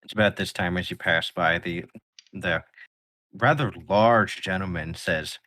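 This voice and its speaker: A man's voice: low voice, a little slow, pushed and bright, dry recording, clean studio sound. A man narrating as game master for a casual tabletop role-play, voicing the characters. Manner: casual, voices several characters.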